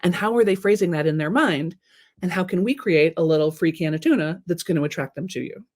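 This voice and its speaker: A woman's voice: fairly low pitch, fast talker, darkish tone. A woman coach giving a live talk to her audience, playful and teasing, often checking in with "right?" and acting out people in mock voices. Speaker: creativity and marketing coach.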